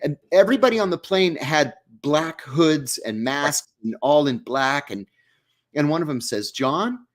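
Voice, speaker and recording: A man's voice: on the high side, measured pace. A man, an interview guest, telling a story in vivid first person and acting out the dialogue.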